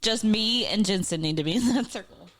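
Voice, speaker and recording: A woman's voice: mid-range voice, brisk, a bit bright. A tipsy woman co-hosting a casual podcast chat, laughing often, swearing freely and rambling. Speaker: podcast co-host.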